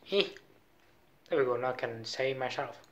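A man's voice: medium pitch, normal speed, dull audio. A young man, a film student, chatting casually into a handheld camera as he goes about his days, loose and full of fillers and restarts. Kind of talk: casual vlog chat. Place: around a city, often outdoors in the streets.

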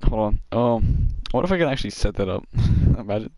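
A man's voice: fairly low pitch, expressive, fairly quick, darkish tone, no echo, poor audio. A young man chatting loosely and joking while live-streaming a racing game, full of slang. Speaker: gaming streamer.

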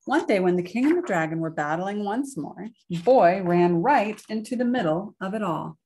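A woman reading a picture book aloud as a church storyteller, slow and expressive, voicing the sound effects herself. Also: medium pitch.

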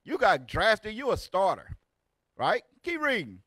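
Animated preaching man, dry close sound. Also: high-pitched, measured pace, dry recording. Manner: loud, rhetorical, repeats "right?". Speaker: teacher leading a lesson. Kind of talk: street preaching lecture.

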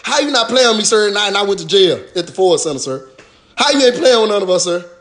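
A man with a drawl rants straight to his followers in a live-stream monologue. His voice sits noticeably high, and he goes at it in a profane, mocking way, dropping a sarcastic "sir" again and again. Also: very animated, quick pace, fairly bright tone. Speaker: rapper addressing his followers.

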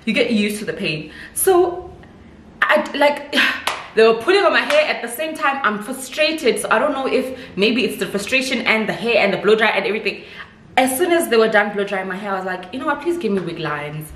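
A young South African woman vlogging, telling a story in an animated, casual way. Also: mid-range voice. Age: young adult. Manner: animated storytelling, mixes in isiZulu phrases. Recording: echoey room with faint noise.

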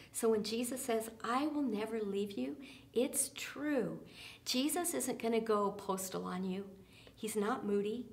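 Earnest woman teaching a church group. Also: fairly high pitch. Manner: earnest, many fillers, drops soft and quiet for emphasis. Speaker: small group leader.

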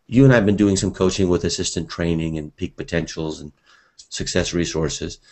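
A man with a very low voice leads a live seminar in front of a room of students. He talks with energy and speaks directly to his listeners, in a loose, conversational way. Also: fairly quick, darkish tone. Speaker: seminar teacher.

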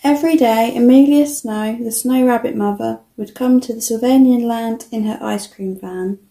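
A woman reading a children's storybook aloud in a steady read-aloud manner. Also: fairly high pitch, moderate pace, vocal fry. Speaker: storybook reader. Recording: echoey room.

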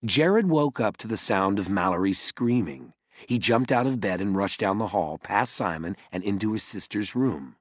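A man reading a children's novel aloud as an audiobook narrator, in an expressive way. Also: on the low side, moderate pace, no echo, clean studio sound. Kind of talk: scripted narration.

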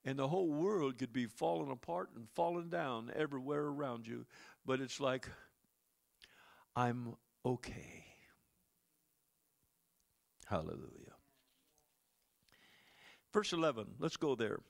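A man's voice: medium pitch, a little fast, gravelly. A man preaching a sermon as pastor, talking conversationally to the congregation with chuckles and asides.

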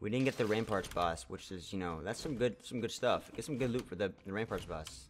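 A young man streaming a game, talking excitedly to his viewers and swearing as he plays. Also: lowish voice, fairly quick, a little hiss or hum. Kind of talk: casual gameplay commentary.

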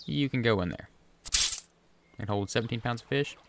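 A man's voice: medium pitch, lively intonation, moderate pace, creaky, heavy background noise. A man chatting casually and rambling through gameplay commentary at his home desk, talking to the fish on screen. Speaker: gaming video creator. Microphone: USB desk microphone.

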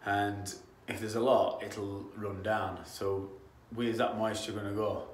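A man with a Yorkshire accent talks through a repair job in a lowish voice, chatty and rambling, often restarting his sentences. He sounds like a tradesman explaining his work on site. The room around him is echoey, with faint ambient noise behind. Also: level tone, unhurried. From Yorkshire, England. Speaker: damp-proofing tradesman.

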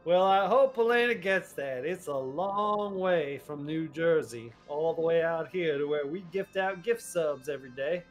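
Male stream co-host, folksy fake cowboy drawl, lively pitch swings. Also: unhurried, hardly any pauses, faint music behind. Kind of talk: casual stream banter.

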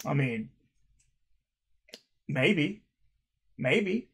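Gravelly, husky man mocking comments. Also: medium pitch, measured pace, pauses often. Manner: sarcastic, profane and mocking, with frequent laughing; stammering restarts. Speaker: YouTuber reacting to comments. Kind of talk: casual reaction vlog.

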